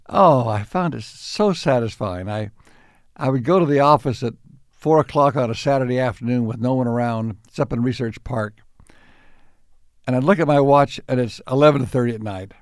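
An older man being interviewed, telling reflective stories in an unhurried, anecdotal way with chuckles. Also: medium pitch, darkish tone, no echo, clean studio sound. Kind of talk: reflective storytelling.

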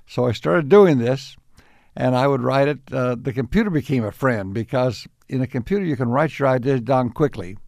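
An older man recounting memories at an easy pace, often stopping to restart a phrase and chuckling along the way. His voice sits in a middle pitch. It is recorded close and dry, with no room sound around it. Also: gravelly, darkish tone, no room sound. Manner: unhurried, with frequent restarts and chuckles. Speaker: interviewee. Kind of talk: reflective storytelling.

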